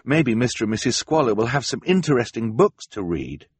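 A man's voice: mid-range voice, very animated, fairly quick, slightly rough, no echo, pitched above the performer's own voice. A man voicing a bookish, tired teenage boy, the middle sibling, thoughtful and mild. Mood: weary.

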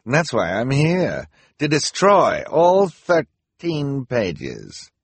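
Man plays a sinister scheming woman villain, snarling and slow, husky storybook baddie. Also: lowish voice, sing-song, no echo, heavily acted. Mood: menacing.

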